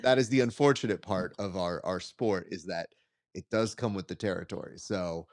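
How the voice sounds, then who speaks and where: A man hosting a casual interview podcast, telling stories in an animated, joking way. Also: deep voice, moderate pace. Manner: animated joking storyteller, acts out quotes. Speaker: podcast host.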